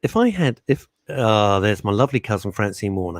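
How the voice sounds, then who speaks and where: A man's voice: fairly low pitch, fairly quick, few pauses, no echo. A middle-aged man co-hosting a radio talk show, teasing and opinionated, speaking into a studio microphone. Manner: brash, teasing, animated and opinionated.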